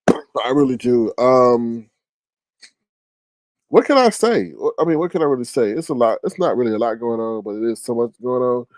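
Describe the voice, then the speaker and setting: A livestream host chats casually with his audience, sleepy and yawning, rambling and trailing off before restarting his thoughts. His mid-range voice is animated but unhurried, with frequent pauses and a darkish tone, recorded without echo.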